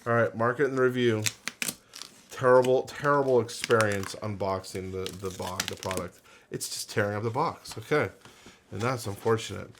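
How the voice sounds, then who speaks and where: Man, unboxing host, casual rambling commentary, lowish voice, faint hiss and clicks behind. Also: normal speed. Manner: rambling, thinking aloud with many fillers and restarts.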